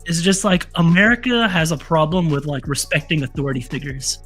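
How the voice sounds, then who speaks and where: A Southern man with a notably high voice trades loose, profane riffs in casual podcast banter. He talks animatedly and laughs often, with faint music under the conversation. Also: brisk, a bit bright. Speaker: podcast co-host. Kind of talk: casual chat.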